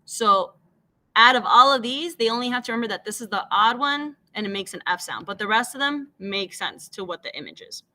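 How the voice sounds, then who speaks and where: A woman's voice: on the high side, lively intonation, brisk, pushed and bright. A woman teacher patiently explaining phonics, switching between English and Spanish and modeling each letter sound aloud. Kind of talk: bilingual classroom phonics explanation.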